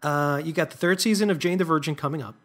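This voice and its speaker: A man's voice: fairly high pitch, quick pace, fairly bright tone. A man hosting a casual interview, putting friendly, eager questions to his guest. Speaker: podcast host.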